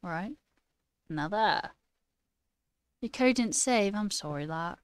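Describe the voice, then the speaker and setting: A woman's voice: mid-range voice, lively intonation, slow pace, clean tone, no echo. A woman chatting casually on a live stream, playfully putting on a mock British accent and laughing often as she reads chat aloud. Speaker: livestreamer and new software engineer.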